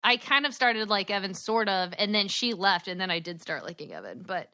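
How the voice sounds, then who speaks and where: A woman's voice: medium pitch, expressive, brisk, pushed and bright. A young woman as a podcast guest, telling stories in a rambling casual chat full of "like". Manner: rambling, filler-heavy with frequent "like".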